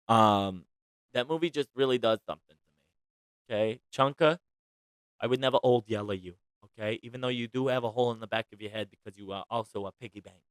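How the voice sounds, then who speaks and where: A man hosts a casual celebrity gossip podcast, chatty and theatrical, jumping from loud exclamations to murmured asides. His voice is smooth and clear, at a middle pitch. The sound is dry and close. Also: brisk, dry recording. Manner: chatty and dramatic, swings loud and soft. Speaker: podcast host.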